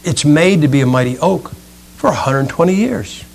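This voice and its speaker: A middle-aged man preaching a sermon with animated, folksy storytelling and humor. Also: fairly high pitch, moderate pace, creaky.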